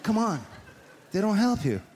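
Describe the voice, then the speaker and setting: A man with a French accent performing stand-up comedy, animated and mimicking voices and mispronunciations. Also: sits high, normal speed, a faint crowd. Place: large theater with live audience. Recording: live stage recording with audience noise.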